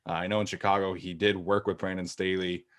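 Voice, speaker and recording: A man co-hosting a sports podcast, talking casually and thoughtfully, often trailing off quietly at the ends of sentences. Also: deep voice, little pitch movement, brisk, smooth. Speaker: podcast co-host.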